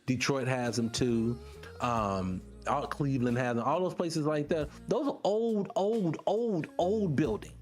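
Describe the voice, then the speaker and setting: A man's voice: on the high side, unhurried, faint music behind. A man hosting his own video, talking casually to his viewers, calling them y'all and firing off rhetorical questions. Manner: animated, keeps asking rhetorical questions; talks directly to the audience as y'all. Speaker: vlog host.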